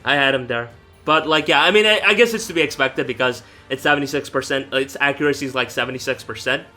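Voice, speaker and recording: This young gaming YouTuber has a mid-range voice, a sharp tone and a quick pace. Over faint music, he offers loose, rambling commentary on his own competitive game, often self-correcting and casually cursing.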